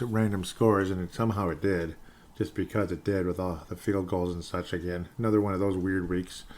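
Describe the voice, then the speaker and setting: A man hosting a solo sports podcast, reading fan messages and ranting in an animated, sarcastic way. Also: fairly low pitch. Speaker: podcast host.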